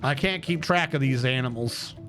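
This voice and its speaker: While streaming a game, a man mutters casual commentary to himself and hums every so often. His voice sits at medium pitch with a slightly bright tone and a moderate pace, over soft background music.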